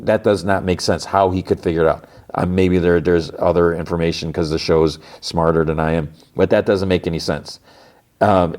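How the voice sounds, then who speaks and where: Deep-voiced man rambling through a recap. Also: a little mellow. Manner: rambling, heavy use of "like". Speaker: podcast host. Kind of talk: casual episode recap.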